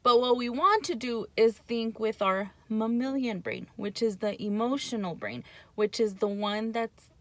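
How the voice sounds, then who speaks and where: A woman's voice: on the high side, measured pace, fairly bright tone, no echo. A woman giving a casual, explanatory talk on parenting, speaking bluntly and often checking in with "right?". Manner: conversational, checks in with frequent "right?".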